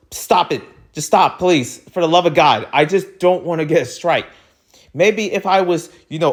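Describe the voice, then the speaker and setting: A young man hosting his own channel, ranting in an exasperated, animated way that swings between loud outbursts and low muttering. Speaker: webtoon reading channel host. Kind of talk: ranting to camera.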